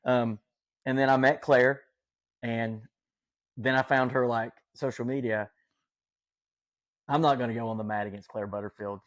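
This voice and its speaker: This man speaks at medium pitch and a moderate pace in a steady tone, taking long pauses, with no room sound. A podcast guest with a Southern Appalachian accent, he tells stories in a casual, enthusiastic, folksy way full of fillers.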